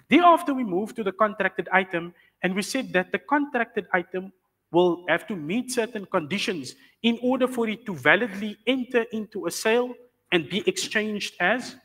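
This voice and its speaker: A man with a high, bright voice lectures a class on Islamic law. He explains patiently and keeps checking that the students follow. The sound carries a long reverb from the hall. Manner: explains patiently, checks understanding with rhetorical questions.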